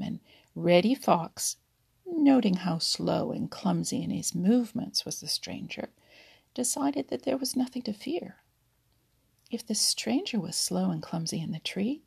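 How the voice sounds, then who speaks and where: A woman reads a children's animal story aloud in an unhurried, gentle way. Her voice is heavily gravelly and husky, with many lines drifting into a half-whisper. The pace is leisurely. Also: on the low side.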